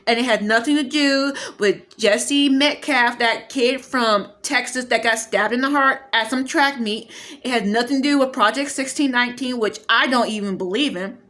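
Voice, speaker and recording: A woman's voice: on the high side, fairly bright tone. Woman, 40s, vlogging an emotional monologue to camera; agitated, repeats herself, speech catches when upset. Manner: agitated, repetitive ranting.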